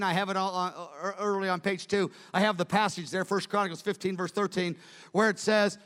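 High-voiced man preaching fervently. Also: a bit bright, big-room sound. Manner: rapid, fervent Bible teaching. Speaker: pastor. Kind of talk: sermon. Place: church.

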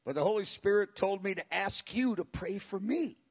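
A man voicing a prophetic minister, earnest, insistent, fairly high voice, plain storytelling tone. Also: moderate pace.

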